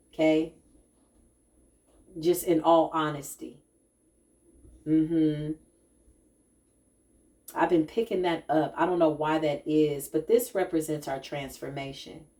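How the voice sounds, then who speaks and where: Woman, low-pitched, spiritual tarot reader, casual chat, animated, says y'all. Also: takes it slowly, long pauses. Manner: animated, chatty, addresses viewers as y'all, laughs often. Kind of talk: casual spiritual reading to viewers.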